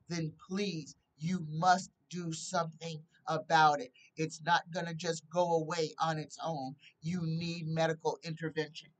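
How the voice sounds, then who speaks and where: A woman gives a tarot reading at an unhurried pace, reading card keywords aloud in a list and pleading earnestly with the viewer. Her voice sits a little back from the microphone. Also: on the low side, distant mic, rough recording. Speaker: tarot reader.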